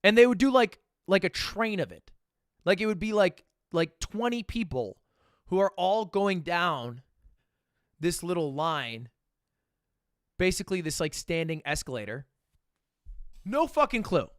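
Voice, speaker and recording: A young man casually tells stories to his live stream audience, animated and swearing, with loud bursts and mumbled asides. His high-pitched voice moves a little slowly with frequent pauses, in studio-quality sound without echo.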